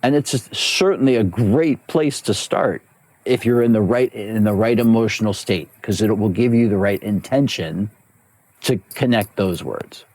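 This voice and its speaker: A man with a somewhat low voice talks through voiceover technique as an interview guest, leaning on repetition to land his points. The sound is dry and close, with no room in it. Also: measured pace, no echo. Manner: animated, explanatory, repeats key phrases. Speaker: voice actor and coach.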